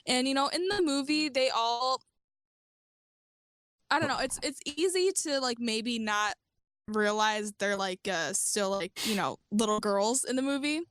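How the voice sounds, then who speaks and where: A woman's voice: fairly high pitch, measured pace, no room sound. Woman on a podcast, dry close sound. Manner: relaxed, fills speech with "like". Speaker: podcast guest. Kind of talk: casual film review chat.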